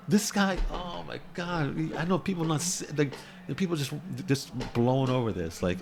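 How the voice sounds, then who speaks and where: A man talking through a casual sports vlog at a middle pitch, rambling and often repeating himself. He swings into excited bursts. A faint hiss sits under his voice. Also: moderate pace. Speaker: sports commentator.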